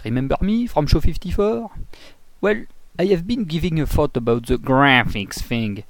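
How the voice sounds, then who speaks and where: A man's voice: a little high, lively intonation, normal speed, dry recording. A man from France with a French accent, leaving a playful recorded message for a show. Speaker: caller.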